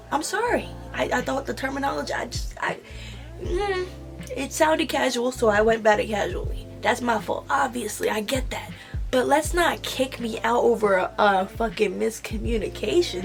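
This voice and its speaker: A young woman telling an animated storytime about nursing school, swearing and acting out the dialogue. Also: fairly high pitch, gravelly. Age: young adult. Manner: animated retelling, swearing, slang-heavy. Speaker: vlogger. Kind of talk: storytime vlog.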